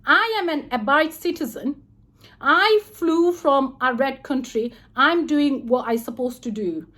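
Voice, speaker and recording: A woman with a notably high voice vents to her camera from inside a hotel room. She talks in an indignant rush and quotes the exchanges one after another. The sound is close and direct, like a phone held near. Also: lively intonation, fairly bright tone. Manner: indignant, rapid retelling with quoted back-and-forth. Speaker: vlogger recounting a complaint. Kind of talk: heated personal account to camera.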